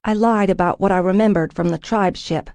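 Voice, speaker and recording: A woman voicing a headstrong young woman fighter who talks forcefully and raises her voice, in an audiobook. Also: mid-range voice, fairly quick, no echo, close to an everyday voice. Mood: pleading.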